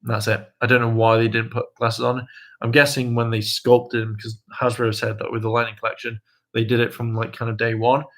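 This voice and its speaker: A young man chats casually on his livestream, hesitating and restarting his sentences often. His voice sounds bright and forward at an ordinary male pitch. Now and then he leaps into a high, mocking voice to quote people. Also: little pitch movement, brisk. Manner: hesitant, many ums and restarts, jumps into high mocking voices when quoting. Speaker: livestream host. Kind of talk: casual rambling livestream chat.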